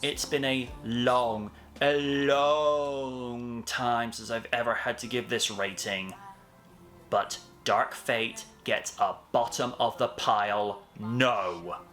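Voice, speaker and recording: A man reads a scripted film review in a measured, wry tone, with a voice sitting mid-range in pitch. Faint music plays quietly beneath him. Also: steady tone.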